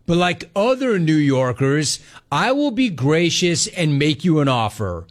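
A man hosting a sports talk radio show, delivering a sarcastic, mocking monologue with animated asides. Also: on the high side, a little slow.

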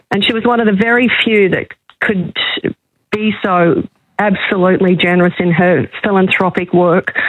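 Lady in her 60s calling in, tinny phone line, bit husky, gets emotional telling her story. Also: medium pitch, no room sound. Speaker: caller, magazine journalist. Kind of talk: radio call-in chat.

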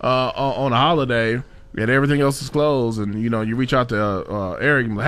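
A man's voice: medium pitch, steady tone, quick pace, fairly bright tone. A man hosting a casual talk show, reading a sponsor spot and rambling with lots of fillers and chuckles. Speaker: show host. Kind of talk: casual chat with a sponsor read.

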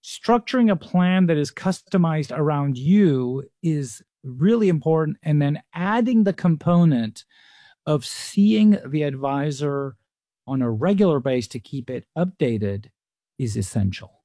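A man in his fifties, originally from England, explaining retirement planning on a radio show in an earnest, measured way. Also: a little high, lively intonation, dark tone, no echo. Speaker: financial advisor. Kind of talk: radio talk show guest expert.

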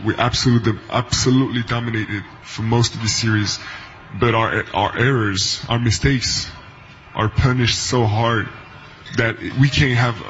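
A man giving reflective post-game press remarks, halting and repeating words. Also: mid-range voice, steady tone, fairly bright tone, muffled recording, a little hiss or hum. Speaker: basketball player in press conference.

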